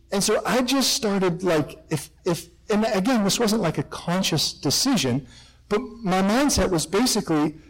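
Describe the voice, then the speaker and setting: A middle-aged man speaks as a priest, telling his own story to a crowd of students. His voice sits a little high for a man. He is animated and self-deprecating, swinging from loud bursts to hushed admissions. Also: low-quality recording. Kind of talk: personal testimony talk to students.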